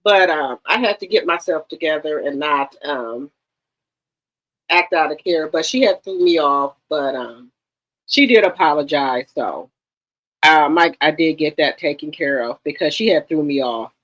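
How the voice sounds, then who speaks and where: A livestream host chatting casually with viewers, greeting them one by one with repeated hellos and often pausing with ums. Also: medium pitch, lively intonation, a bit bright. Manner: chatty, with frequent ums and restarts. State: a little tired. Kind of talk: casual live-stream chat. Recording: slightly dull lo-fi sound.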